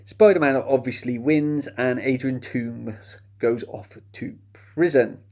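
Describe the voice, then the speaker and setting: Guy rambling through a film review, dry and sarcastic, mid-pitched voice. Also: slow pace, darkish tone. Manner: chatty and sardonic, mocking the plot. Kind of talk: casual spoken film review.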